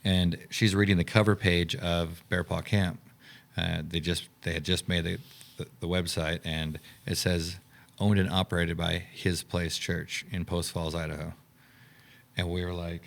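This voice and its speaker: A man's voice: low voice, flat delivery, unhurried, vocal fry. A man who owns and directs a camp, telling his story in a podcast interview and acting out the dialogue he quotes.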